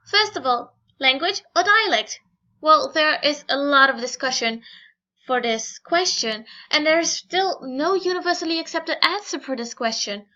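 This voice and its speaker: A young woman giving a school screencast presentation, reading carefully with pauses and small restarts. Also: high-pitched, bright, forceful tone, dull audio. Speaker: student presenter.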